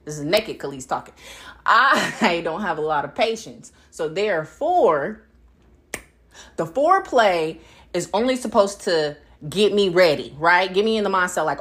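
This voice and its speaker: Young woman, podcast host, blunt, profane, animated, laughs a lot. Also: on the low side, unhurried. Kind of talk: candid solo podcast monologue.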